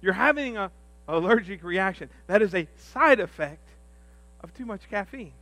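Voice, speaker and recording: A man voicing his calm, exasperated mother as she scolds her grown son in a matter-of-fact way. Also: high-pitched, moderate pace, no room sound. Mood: scolding.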